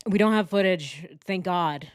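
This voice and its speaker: A woman reacting to court coverage, speaking haltingly with many restarts and pauses, shaken by what she hears. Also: on the low side, clean tone, dry recording, studio quality. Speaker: true crime commentator.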